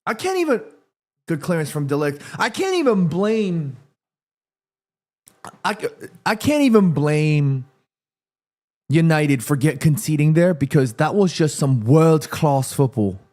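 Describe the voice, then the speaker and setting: Excitable man hosting a watchalong. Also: a little high, a little slow, pauses often. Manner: excitable, reacting aloud to live play; chatty, addresses viewers and reads their comments. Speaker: watchalong host. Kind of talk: live football watchalong commentary.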